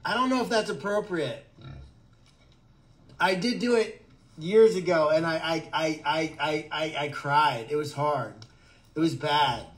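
A man with a fairly high voice hosts a relaxed livestream, reading and answering viewer comments. He jokes around and rambles, often stammering and restarting his sentences. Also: measured pace, pauses often. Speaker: animal sanctuary livestream host.

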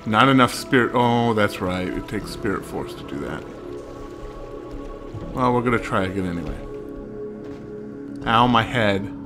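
A man's voice: fairly low pitch, lively intonation, moderate pace, long pauses, over music. A man giving wry, joking running commentary while playing a video game. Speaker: let's play gamer. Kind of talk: casual gameplay commentary.

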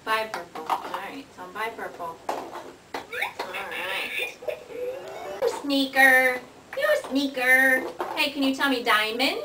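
A woman coaching a small child to say words, in a sing-song, encouraging way, slow and clear. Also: high-pitched, expressive, distant mic. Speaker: speech therapist. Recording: echoey room, mic from afar, noisy home video.

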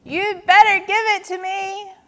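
A shrieking tantrum turtle. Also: female voice, flat delivery, unhurried. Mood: demanding. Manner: high wailing screams and demands.

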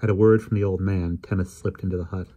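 A man reading a novel aloud in measured, unhurried narration. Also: low voice, steady tone, dark tone. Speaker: audiobook reader.

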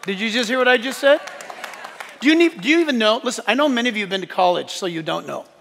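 High, fervent preaching man. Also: animated, quick pace, creaky, crowd noise, background noise. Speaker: pastor. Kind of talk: sermon. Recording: reverberant large hall.

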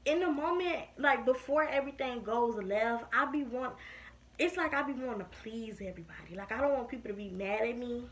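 A woman's voice: fairly high pitch, brisk. A young woman, casually telling a story to her viewers and often calling them "y'all". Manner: chatty, animated, addresses viewers as y'all. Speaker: storytime vlogger.

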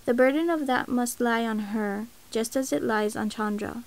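A gentle young prince who speaks in a soft, even and calm way, as a woman reads him aloud. His voice sits a little high, with a gravelly edge. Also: normal speed, natural voice.

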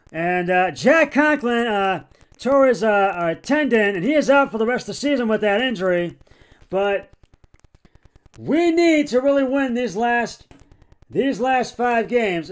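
A man with a high voice talks on his own sports podcast. He sounds frustrated, raises his voice into yelling at times, and stumbles through fillers and restarts as he runs through scores. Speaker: podcast host. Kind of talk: solo sports podcast commentary.

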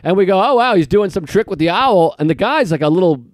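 Animated man, high lively voice, podcast storyteller who laughs and acts out quotes, dry close sound. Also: fast, no room sound. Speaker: podcast co-host. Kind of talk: casual storytelling chat.

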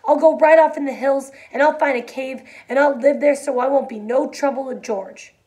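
A woman's voice: high-pitched, normal speed, a little mellow, pitched above the performer's own voice, lightly acted. A frightened, simple-minded man pleads in a raised, childlike voice, as a woman reads him aloud. He stretches his words out and begs to be believed, never sounding at ease. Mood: pleading.

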